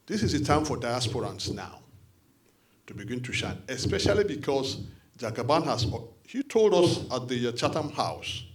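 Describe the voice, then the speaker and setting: A man with a Nigerian accent addresses a forum meeting in an animated, conversational way, with quick asides. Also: medium pitch, breathy edge. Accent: Nigerian English. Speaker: diaspora party official addressing a support forum.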